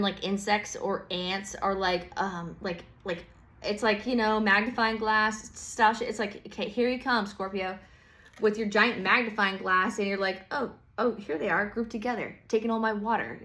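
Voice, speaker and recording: A woman's voice: mid-range voice, steady tone, normal speed, pushed and bright. A woman giving a casual tarot reading, rambling with many fillers, swearing freely and slipping into playful quoted voices. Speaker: tarot reader.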